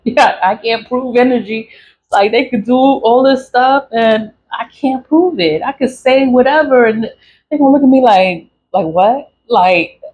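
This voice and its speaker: A woman's voice: mid-range voice, a little mellow, a little hiss or hum, low-quality recording. A woman selling spiritual products who chats casually to camera, rambling, repeating herself and laughing between phrases.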